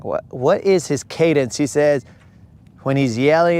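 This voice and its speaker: A man's voice: fairly high pitch, a little slow, darkish tone, clear, resonant tone. A young man hosting a fishing livestream, ranting and joking in a casual way, calling his viewers bro. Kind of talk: casual live-stream rant.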